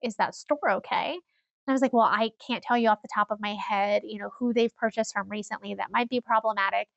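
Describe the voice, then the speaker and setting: A woman co-hosting a casual podcast, telling stories in an animated way and laughing often. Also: medium pitch, brisk, vocal fry, dry recording, dull audio. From Iowa. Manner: animated storyteller, laughs often, acts out quoted people. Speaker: podcast co-host.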